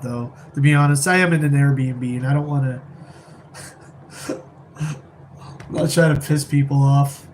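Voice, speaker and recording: A man's voice: mid-range voice, steady tone, measured pace, pauses often, a little hiss or hum, rough recording. A man casually chatting on a live stream, rambling and laid-back while answering viewers from a rented apartment, keeping his voice down.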